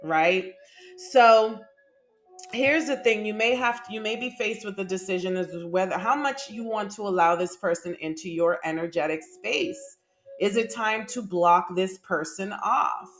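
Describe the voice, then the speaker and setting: A woman's voice: mid-range voice, unhurried, faint music behind. A woman doing a casual tarot reading to camera, chatty and emphatic, often laughing. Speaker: tarot reader.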